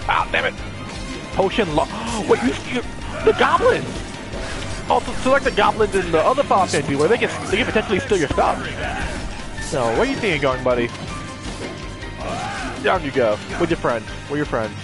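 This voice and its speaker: A young man giving excitable, jokey commentary while playing a video game. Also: high-pitched, normal speed, long pauses, music in the background. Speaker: gaming YouTuber. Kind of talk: casual gameplay commentary.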